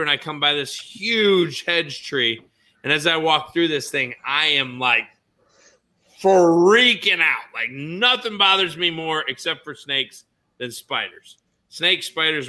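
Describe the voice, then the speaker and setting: Brief: man, casual podcast host, slightly high voice with a very bright, sharp edge, rambling and emphatic. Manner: rambling, emphatic storyteller who curses freely. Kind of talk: casual storytelling chat.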